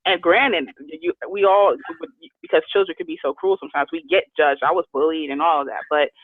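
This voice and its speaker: A woman's voice: low-pitched, brisk, dry recording. A woman guest telling a personal story in a candid, heartfelt way over a call. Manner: heartfelt, emotional. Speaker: guest author. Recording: tinny phone line.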